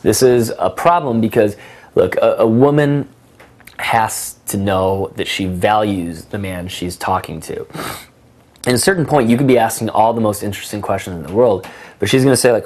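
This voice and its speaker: Emphatic, lower-voiced young male coach. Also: normal speed, darkish tone. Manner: emphatic, conversational, frequent "like" fillers. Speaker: dating coach. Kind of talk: instructional talk.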